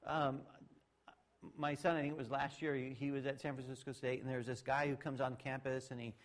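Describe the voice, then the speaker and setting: A middle-aged male pastor giving a conversational sermon, shifting between loud sarcastic mock voices and low asides. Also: little pitch movement, brisk.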